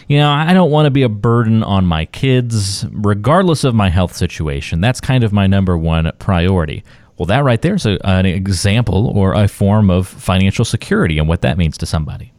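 A man's voice: lowish voice, darkish tone, no room sound. A man co-hosting a podcast about retirement, talking in an upbeat, joking, casual way. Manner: upbeat, joking, self-deprecating. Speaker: podcast co-host.

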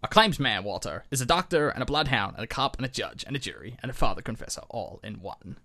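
A man putting on a terse film noir detective voice, low and spoken through the teeth. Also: lively intonation, fast talker, pushed and bright. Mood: stern. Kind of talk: film noir line reading.

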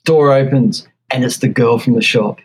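A man with an Australian accent, a guitar maker being interviewed, telling an animated story and acting out the quotes. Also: medium pitch, normal speed, a little hiss or hum, poor audio. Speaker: guest luthier.

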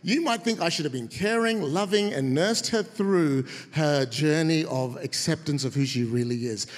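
A man preaching a humorous sermon, telling stories and acting out quoted voices in a high shout. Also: moderate pace. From of Indian heritage. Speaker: guest preacher. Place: church auditorium. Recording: reverberant church hall.

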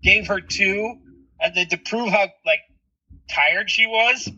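A man in his thirties telling animated parenting stories in casual chat, swearing freely. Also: sits high, slow, husky. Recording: dull lo-fi recording.

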